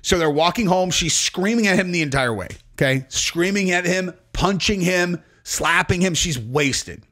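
Man, forties, podcast host, rambling profane storytelling, somewhat high voice. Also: animated, normal speed, bright, forceful tone. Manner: rambling, profane, laughing at his own story. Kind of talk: casual storytelling.

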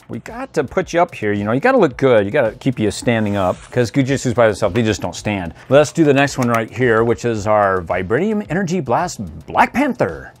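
A man of middle pitch hosts a toy review vlog with a very lively, up-and-down delivery. He jokes and chuckles often as he talks through each toy. Faint music plays behind him. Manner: playful, jokey, chuckles often.

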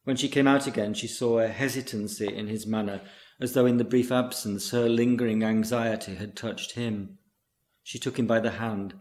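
A man reading a literary short story aloud in a measured, unhurried way. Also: on the low side, steady tone, darkish tone, reverberant. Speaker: reader.

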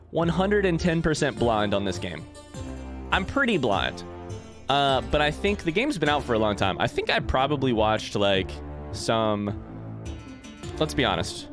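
A young man casually commenting on a game as he plays, chatty and reading on-screen text aloud. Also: medium pitch. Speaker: let's play streamer. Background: game music.

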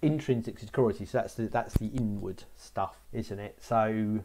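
A man's voice: lowish voice, steady tone, moderate pace, dark tone. A middle-aged man co-hosting a podcast in casual chat, reflective and hesitant, often restarting his sentences. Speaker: podcast co-host.

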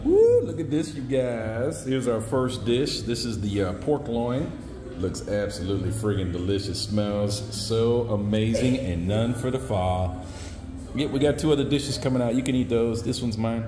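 A man's voice: fairly low pitch, normal speed. A man filming a casual restaurant vlog, joking and teasing his dinner partner. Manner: teasing, playful banter. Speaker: food vlogger. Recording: echoey room with music.

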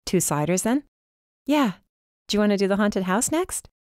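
In a clean, echo-free studio recording, a woman with an expressive mid-range voice and a darkish tone speaks at normal speed. She pitches her voice a little above her own, staying close to everyday speech, to play a playful young man teasing his girlfriend.

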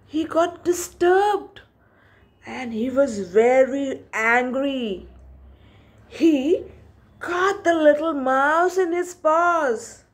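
A woman preschool teacher telling a moral story to young children in a slow, expressive way. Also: high-pitched.

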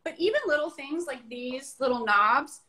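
A woman's voice: high voice, animated, moderate pace, bright, forceful tone, poor audio. A woman chatting casually while showing her apartment and giving practical advice. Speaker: apartment owner giving a home tour. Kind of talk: casual chat.

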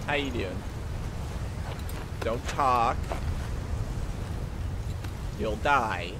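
A man giving casual, jokey commentary over a video game, excitable and prone to yelling. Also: mid-range voice, drawn-out words. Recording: game noise under the voice. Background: game sounds.

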